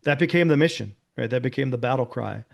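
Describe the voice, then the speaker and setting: A man's voice: mid-range voice, fast talker, gravelly. A man, a former police officer, guesting on an interview and telling a personal story in an earnest, casual way, often adding "you know" and "right?". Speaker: interview guest, nonprofit founder.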